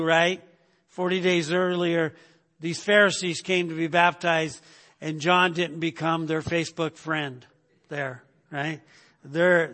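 A man's voice: a little high, bright, forceful tone. Guy preaching a sermon, chatty, keeps saying right?, big hall echo. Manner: conversational, repeats words and asks "right?" often. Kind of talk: sermon teaching.

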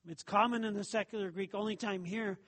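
A man's voice: high voice, steady tone, brisk, fairly bright tone, in a large hall. A man preaching a sermon as pastor, talking it through with the congregation and asking rhetorical questions.

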